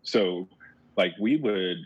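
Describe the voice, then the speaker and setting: A former baseball player, a man telling stories in a casual chat, animated and repeating words as he goes. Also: low voice, slow, no room sound. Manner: animated storyteller who repeats words as he talks. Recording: muffled lo-fi audio.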